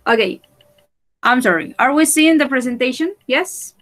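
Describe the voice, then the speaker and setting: A woman's voice: high voice, animated, normal speed, a bit bright, poor audio. A woman teaching English vocabulary in an online class, repeating each word patiently for her students and switching into Spanish to explain.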